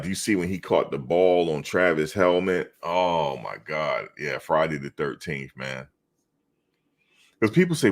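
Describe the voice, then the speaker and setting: A middle-aged man with a low, deep voice hosts a loose sports talk stream. He banters with his viewers in animated slang and hammers the same point over and over. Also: moderate pace. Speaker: live show host reading chat. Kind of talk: casual sports chat.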